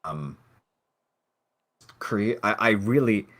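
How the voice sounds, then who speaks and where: A man's voice: on the low side, lively intonation, a bit bright. A man from Brazil, co-hosting a casual podcast chat and stammering through his points. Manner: stammering, halting. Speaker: podcast co-host.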